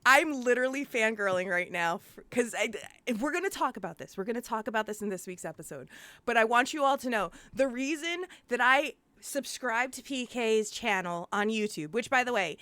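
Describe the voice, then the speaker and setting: A woman hosting a live-stream interview, excitable and gushing, swearing freely. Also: on the high side, brisk, no echo. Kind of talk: casual live-stream chat.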